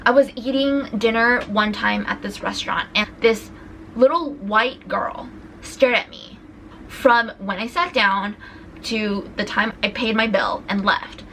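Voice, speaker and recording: A young woman from California chatting to camera in a vlog, retelling road-trip run-ins in an animated way with lots of restarts. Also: mid-range voice, measured pace, a little hiss or hum, poor audio. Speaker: vlogger. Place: indoors at a rental home.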